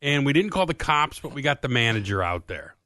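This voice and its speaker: Brief: bright, expressive man, teasing banter, dry close mic. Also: mid-range voice, a little fast, no room sound. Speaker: radio show co-host. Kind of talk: casual chat.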